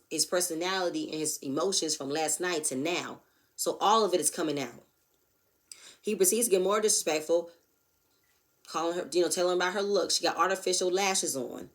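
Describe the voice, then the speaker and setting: A woman giving a blunt, profane, animated recap of a reality show episode. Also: on the low side. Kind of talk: casual recap commentary.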